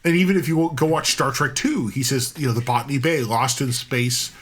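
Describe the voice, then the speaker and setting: Casting: male podcast co-host, mid-pitched, rambling and profane, casual chat. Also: a little fast, husky. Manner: animated, profane, rambling with restarts.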